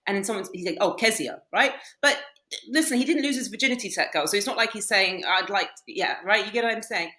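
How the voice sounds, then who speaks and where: A woman's voice: mid-range voice, quick pace, pushed and bright, reverberant. A woman, a podcast guest who tells stories bluntly, swears freely and laughs often. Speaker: podcast guest, dating coach. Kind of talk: casual podcast conversation.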